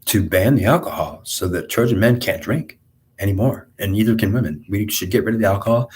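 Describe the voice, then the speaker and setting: Brief: man doing an indignant goddess, insistent and scolding, low husky voice. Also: brisk, a little mellow.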